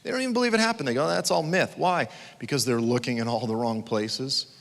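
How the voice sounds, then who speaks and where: A man preaching a conference sermon, an animated storyteller who acts out quotes with sudden shouts. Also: mid-range voice, fast talker, big-room sound.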